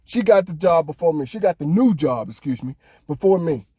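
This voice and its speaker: A man's voice: on the high side, expressive, brisk, warm tone, slightly rough, dry recording, clean studio sound. A man hosting a podcast, ranting heatedly in casual talk, swearing often. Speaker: podcast host. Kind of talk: casual opinion monologue.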